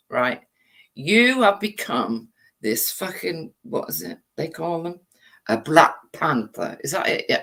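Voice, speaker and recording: An English woman with a lowish, bright, edgy voice that swings widely in pitch. She rants angrily at her channel's audience, swearing freely and firing off rhetorical questions. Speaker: channel host. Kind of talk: livestream rant.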